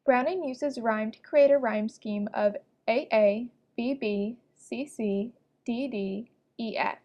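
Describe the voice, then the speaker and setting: A woman reading a prepared script, presenting an educational narration in an even, explanatory way. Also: on the high side, slow pace, lo-fi sound.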